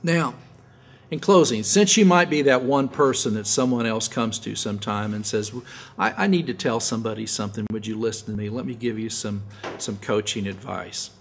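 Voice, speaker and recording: A male pastor preaching a sermon in an earnest way, often repeating words as he restarts and sometimes dropping to a soft hush. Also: lowish voice, normal speed, vocal fry, slight background noise. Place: church sanctuary.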